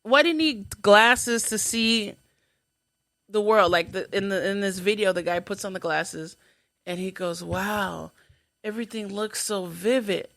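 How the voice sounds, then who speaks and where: A woman's voice: mid-range voice, unhurried, fairly bright tone, no echo. A young adult woman hosting a comedy podcast, telling stories in a chatty, self-mocking way. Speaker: podcast host. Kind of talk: comedic storytelling.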